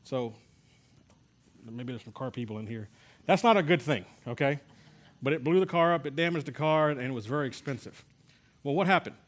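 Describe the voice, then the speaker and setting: A man's voice: medium pitch, brisk, pauses often. A man preaching to a class, telling personal stories and asking rhetorical questions in a conversational way. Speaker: pastor teaching a healing class. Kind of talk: sermon.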